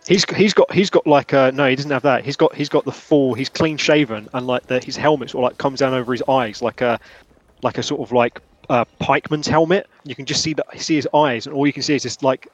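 A man narrating as game master, halting and rambling with many restarts. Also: medium pitch, lo-fi sound.

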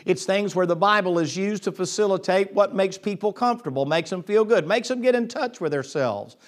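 A pastor preaching from his pulpit in a high-pitched voice. He drops into low, confiding tones and then bursts out loud and excited, often stumbling and restarting his sentences. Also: fairly quick. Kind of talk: sermon.

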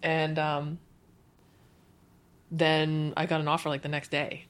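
A woman in her thirties, talking as a guest in a casual interview, chatty and animated, with lots of "like". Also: low voice, takes it slowly, smooth. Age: 30s. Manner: chatty, says "like" often, animated retelling. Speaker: guest, UX designer.

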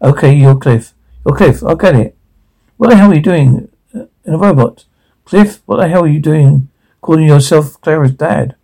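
A man playing a gruff, bitter, hot-tempered grown man in a TV drama, given to swearing outbursts. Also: on the high side, moderate pace, mellow, low-quality recording. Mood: angry confrontation.

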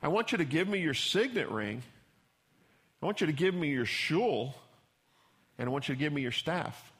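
Man putting on a shrewd young woman, pushy bargainer, raised gravelly pitch, sermon retelling. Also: animated, normal speed, a bit bright, full character voice. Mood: bargaining. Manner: bargaining, insistent.

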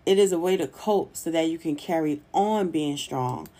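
A woman's voice: sits low, moderate pace, mellow. Chatty encouraging woman podcast host. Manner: chatty, encouraging, informal with little laughs. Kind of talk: casual solo podcast talk.

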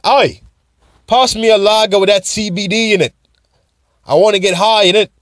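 A man voicing a rowdy male pub-goer in an exaggerated, deliberately bad Scottish accent, loud and jokey. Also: high voice, no room sound, studio quality, voice pushed up. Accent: mock Scottish.

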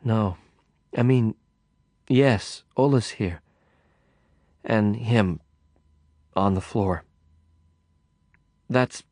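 Man reading as a young woman, soft raised voice, audiobook dialogue, dry close sound. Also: fairly low pitch, drawn-out words, long pauses, no echo. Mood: shaken. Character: young woman, friendly then shaken and numb.

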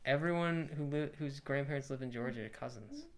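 A young man chats casually as a podcast co-host, with a voice of ordinary middle height. He jokes in a dry, deadpan way and stays playful. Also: mid-range voice, fairly quick. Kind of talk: casual chat.

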